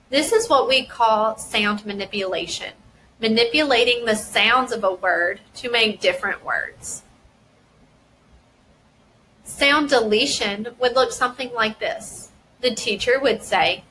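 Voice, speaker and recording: A woman who works as a school dyslexia specialist, giving a careful explanation and deliberately sounding out words and their parts. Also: on the high side, pushed and bright, a little hiss or hum, poor audio. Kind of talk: instructional explanation.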